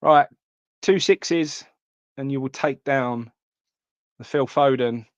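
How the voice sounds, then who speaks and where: A man's voice: mid-range voice, slow pace, dry recording, lo-fi sound. A man hosting a live trading card stream, chatting casually and calling viewers mate.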